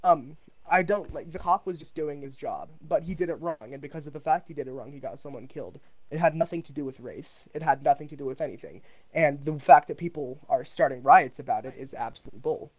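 A man's voice: a little high, fairly quick, no echo. Rambling young male podcast host. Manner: loose, rambling, lots of fillers. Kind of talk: casual gaming podcast chat.

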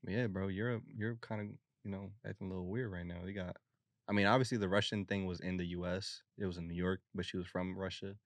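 A young man co-hosting a podcast in casual chat, slangy and quick to laugh. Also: sits low, steady tone, no echo. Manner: slangy, laughs often, acts out quick voices. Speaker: podcast co-host.

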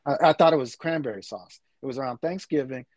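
Middle-aged man, husky voice, dry close sound, enthusiastic rambling chat. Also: mid-range voice, quick pace, a little mellow, no room sound. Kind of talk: casual chat about food.

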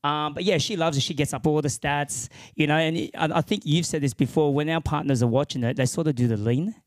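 Easygoing bloke talking footy. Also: male voice, on the high side, brisk, dry recording. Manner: easygoing, filler-heavy sports talk. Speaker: podcast co-host. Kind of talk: casual sports podcast chat.

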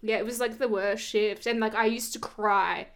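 A woman's voice: a little high, moderate pace, clean tone. A young woman, telling stories in a casual chat and laughing often. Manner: animated storyteller, laughs often.

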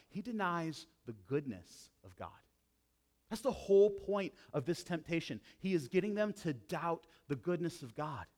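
A man preaching a sermon as a pastor, with dramatic swings between loud emphasis and hushed intensity. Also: high voice.

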